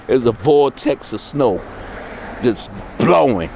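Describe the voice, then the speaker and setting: A middle-aged man telling a rough jail story in casual street talk, swearing constantly and acting out the people he quotes. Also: mid-range voice, slow pace, a little hiss or hum. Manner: animated, swears constantly, voices characters in quotes.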